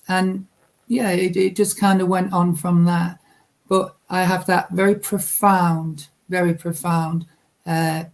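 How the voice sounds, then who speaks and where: A woman's voice: on the low side, vocal fry, a little mellow. Woman telling a heartfelt story. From England. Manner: heartfelt, unhurried, reflective recounting. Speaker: guest, psychic medium and teacher. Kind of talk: personal storytelling in a radio interview.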